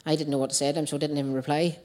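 A woman's voice: deep voice, little pitch movement, rapid-fire, a little mellow. A woman with a Northern Irish accent giving a personal testimony to a church group, telling her story in a chatty way and acting out her own past dialogue.

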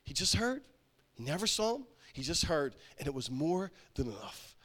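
A male pastor preaching a sermon, emphatic and repetitive, building to loud exhortation. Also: on the high side, sing-song, normal speed.

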